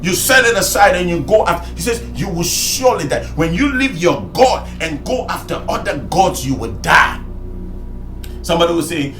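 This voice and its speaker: A man preaching an impassioned sermon, going from shouted peaks to low, quiet asides. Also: lively intonation, normal speed. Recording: roomy sound with faint music behind.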